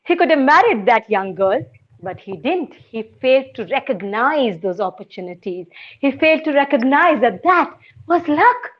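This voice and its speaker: A high, lively woman storyteller spins a folk tale with big swoops of pitch and chanted sound effects. Her rings through a dull, lo-fi recording. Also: moderate pace. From India. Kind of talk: oral storytelling for an audience.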